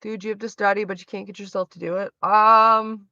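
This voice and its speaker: A woman's voice: medium pitch, little pitch movement, brisk, pushed and bright, no room sound, highs cut off. A woman livestreaming, answering her chat in a frank, chatty way and swearing freely. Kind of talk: casual chat.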